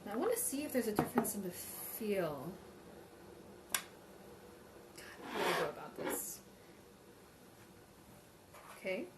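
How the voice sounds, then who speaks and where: A woman's voice: mid-range voice, big pitch swings, normal speed, pauses often, very noisy. Woman musing over tea in a roomy space. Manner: thinking aloud, musing, comparing tastes. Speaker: tea livestream host. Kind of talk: live tasting chat, reading viewer questions. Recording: roomy livestream audio with faint ambience.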